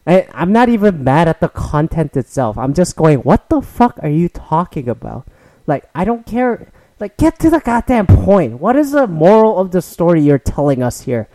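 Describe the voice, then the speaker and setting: A man's voice: sits high, big pitch swings, moderate pace, mellow, no room sound. Rambling, profane man ranting solo. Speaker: podcast host. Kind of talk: casual solo rant.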